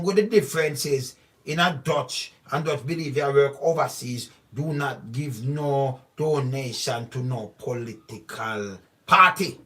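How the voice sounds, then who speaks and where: A man's voice: mid-range voice, sharp tone, distant mic. A man with a Jamaican accent giving an emphatic, repetitive political commentary monologue, pressing his points with insistent questions.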